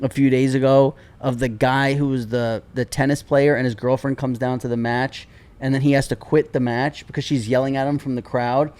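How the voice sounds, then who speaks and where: A man guest on a comedy podcast, telling a story excitedly and laughing often in casual chat. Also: medium pitch, clean tone. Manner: excitable storyteller, laughs a lot, quick restarts.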